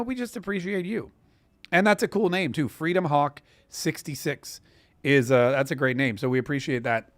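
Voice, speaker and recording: A live stream host, an American man in his forties, rambles casually through a lengthy story, restarting again and again. He has a mid-range, fairly bright voice, and there's no echo.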